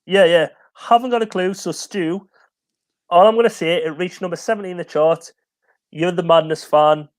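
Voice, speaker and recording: Chatty, giggly, high-voiced man. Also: fairly even intonation, moderate pace. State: tired. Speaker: co-host of a music live stream. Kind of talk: casual chat.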